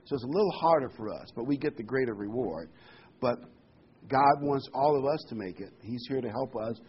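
A man's voice: medium pitch, animated, fairly quick, husky, dull audio. A man giving a sermon, earnest and emphatic, repeating key words and reading scripture aloud. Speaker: preacher.

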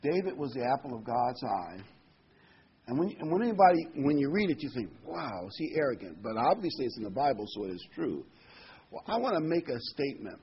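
A man's voice: medium pitch, very animated, brisk. A man preaching a sermon in a folksy, rambling way, often correcting himself. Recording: dull lo-fi recording, faint background hiss.

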